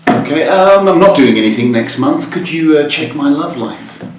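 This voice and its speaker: A man's voice: fairly high pitch, expressive, moderate pace, slight background noise. A man hosting a live psychic tarot call-in show, teasing and cheeky with his callers. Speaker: psychic tarot reader, host. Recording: roomy echo, far from mic, music behind.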